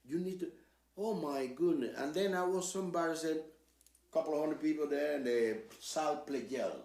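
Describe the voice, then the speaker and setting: An older man from Cuba with a Cuban Spanish accent, hosting an interview and telling lively stories, acting out the voices of the people in them. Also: moderate pace, creaky, roomy sound, recorded from a distance. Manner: acts out quoted voices with big swings in pitch and loudness. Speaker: host. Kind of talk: animated storytelling interview.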